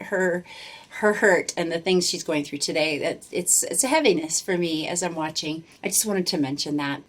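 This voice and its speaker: A woman vocal coach giving effusive, gushing commentary on a live performance, often restarting her sentences. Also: lowish voice. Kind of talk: reaction commentary.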